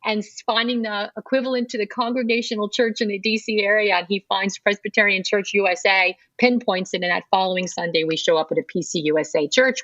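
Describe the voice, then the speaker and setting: A woman's voice: lowish voice, fairly bright tone, no room sound, lo-fi sound. A middle-aged woman, a podcast guest, telling her conversion story in earnest and acting out remembered dialogue. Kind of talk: personal storytelling interview.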